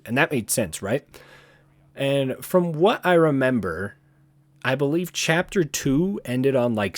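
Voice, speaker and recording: A man hosting his own channel, talking alone in a rambling, casual way, often correcting himself and trailing off quietly. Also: medium pitch, dry recording. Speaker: channel host. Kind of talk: casual solo chat.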